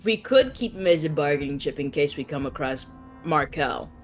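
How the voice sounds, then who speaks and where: A laid-back woman speaks as a player in a tabletop game, her mid-pitched voice swinging freely up and down. She laughs easily. Faint music plays behind her. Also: animated, normal speed. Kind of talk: casual tabletop game play.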